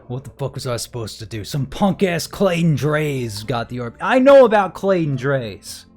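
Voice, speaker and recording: A man voicing a hulking male half-dragon gunslinger who talks gruffly, low and menacing, in a tabletop game. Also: very animated, moderate pace, darkish tone, faint music behind. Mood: defensive.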